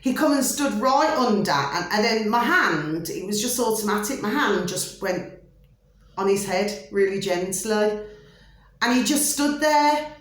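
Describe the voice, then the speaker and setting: In a very echoey room, a woman with a medium-pitched, expressive voice tells a long personal story a little slowly. It's a rambling, chatty monologue where she repeats herself and keeps saying "you know."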